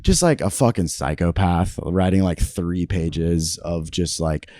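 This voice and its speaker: A man's voice: low-pitched, unhurried, warm tone, dry recording. A young man, an actor guest on a podcast, talking loosely with lots of fillers and swearing. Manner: rambling, heavy on fillers and swearing. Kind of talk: casual podcast conversation.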